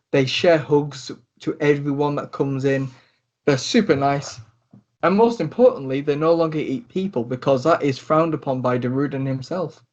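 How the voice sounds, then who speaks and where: A man's voice: mid-range voice, darkish tone. A man runs a tabletop role-play as game master, talking in a rambling way with plenty of ums and restarts. His voice sits in the middle range. The recording is dull and lo-fi.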